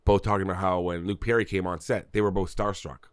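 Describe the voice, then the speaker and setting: Low-voiced man rambling on about film stories. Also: fairly even intonation, quick pace, smooth. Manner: rambling, explains at length with frequent restarts. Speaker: film location expert guest. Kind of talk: casual podcast conversation.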